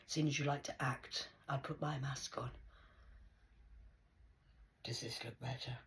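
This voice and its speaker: A woman in her forties giving a rambling, mocking monologue, swinging between loud outbursts and hushed whispers. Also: rumbling low, fairly even intonation, a little slow, long pauses, slightly rough, rough recording. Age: 40s. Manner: mocking, preachy tone.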